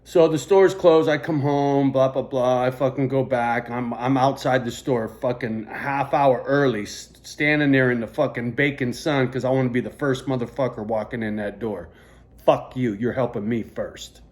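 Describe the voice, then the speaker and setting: A man vlogging into a phone camera, telling a rambling story in a heavily profane, animated rant. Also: mid-range voice, moderate pace.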